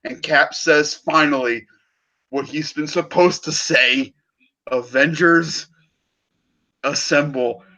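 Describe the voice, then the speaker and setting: Excited bright-voiced man retelling a film. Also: a little high, takes it slowly, long pauses. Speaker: movie podcast host. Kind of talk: casual film review chat.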